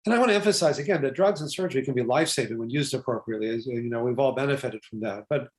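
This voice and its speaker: Fast-talking older male doctor, chatty storyteller. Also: mid-range voice. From Texas. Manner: fast, chatty, with asides and acted-out quotes. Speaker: physician guest. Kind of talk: animated storytelling interview.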